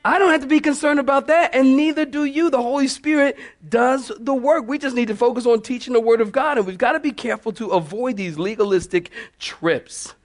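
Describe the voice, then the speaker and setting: A male pastor preaching a sermon, animated and storytelling with laughing asides. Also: very high voice, brisk, hardly any pauses.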